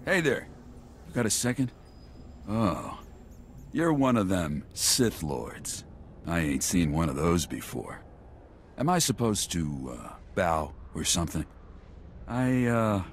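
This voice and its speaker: A man's voice: low voice, big pitch swings, takes it slowly, a little hiss or hum, full character voice. An actor playing a nervous, streetwise male resistance defector in a video game, speaking in a hesitant, folksy way. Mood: eager. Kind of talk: game voice acting.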